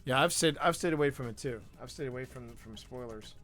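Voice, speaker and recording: A man hosting a live gaming stream, chatting casually and breaking into laughing asides and quick self-corrections. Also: medium pitch, fairly bright tone, faint music behind. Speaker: stream host.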